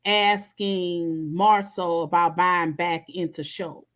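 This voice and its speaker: A woman's voice: lowish voice, steady tone, takes it slowly, a bit bright. A woman co-host in a casual chat, reading posts aloud in an easygoing way.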